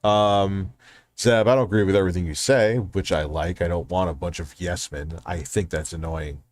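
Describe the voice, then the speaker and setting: A man streaming reaction commentary, mocking and swearing, often rising into loud high-pitched rants. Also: steady tone, moderate pace, no echo.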